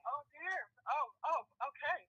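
A woman in her thirties, a podcast guest chatting casually with wry, deadpan humor. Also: high-pitched, a little slow, dull audio. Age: 30s. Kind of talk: casual chat.

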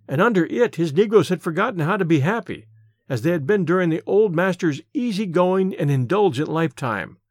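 A male audiobook narrator reads a literary tale with animated, lively melody, his voice sitting a little high for a man. He leans into descriptive passages, slowing to savor them. The sound is close and dry. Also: no echo. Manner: expressive storytelling, slows on imagery.

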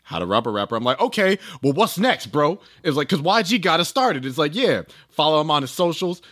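A man co-hosting a casual album review chat, animated and slangy, acting out quotes in funny voices. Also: on the high side, fast. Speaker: podcast co-host.

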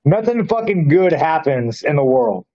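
A man's voice: a little high, very animated, normal speed, dark tone. A man talking as a guest in a casual chat, blunt and crude, swearing constantly and boasting. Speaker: interview guest, fighter. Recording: dull lo-fi sound.

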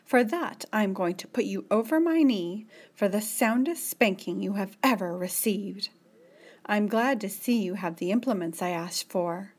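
A woman voicing a stern, commanding middle-aged woman who speaks in brisk, scolding orders. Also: medium pitch, darkish tone, natural voice.

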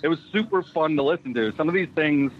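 Animated, swearing man from Boston. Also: fairly high pitch, fast, phone-quality sound, a little hiss or hum. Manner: animated storyteller, swears freely. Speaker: guest, show creator. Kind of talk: casual podcast chat.

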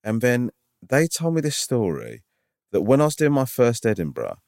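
A man's voice: mid-range voice, wildly swooping pitch, normal speed, darkish tone, dry recording, clean studio sound. A male stand-up comedian, rambling with lots of fillers as he tells an anecdote in casual chat.

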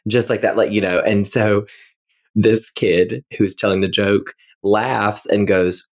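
A man's voice: fairly low pitch, level tone, measured pace. A man who co-hosts a podcast and teaches middle school English, telling stories in a wry, self-deprecating way with lots of fillers. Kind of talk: casual podcast chat.

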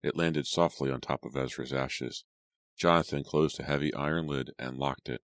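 A man with an exceptionally deep, low voice reads a dark story aloud. He keeps his narration slow, grave and measured. The sound is dry and close, with no room echo. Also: steady tone, smooth. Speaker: audiobook narrator. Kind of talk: scripted dramatic narration.

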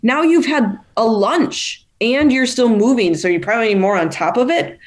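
A woman's voice: a little high, moderate pace. A woman speaking as a dietitian guest in a casual interview, chatty and laughing often. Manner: chatty, laughs often, many fillers and restarts.

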